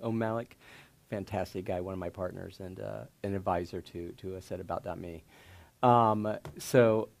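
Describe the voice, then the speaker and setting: A man's voice: deep voice, fairly even intonation, moderate pace, creaky. A man being interviewed on stage, telling loose, laughing anecdotes full of fillers. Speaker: guest investor. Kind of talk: casual storytelling interview.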